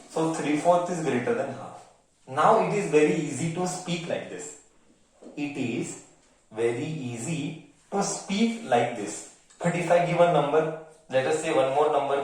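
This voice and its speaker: A man's voice: fairly high pitch, darkish tone, a little hiss or hum. A male maths teacher with an Indian accent, giving a lesson, mixing Hindi words into English, repeating each phrase and quizzing his pupils. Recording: very echoey room, mic far off.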